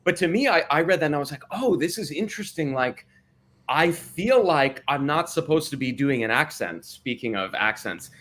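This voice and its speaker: An American man telling stories in a casual livestream chat, laughing often and talking with lively energy. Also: fairly high pitch, moderate pace. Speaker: cast member on a livestream.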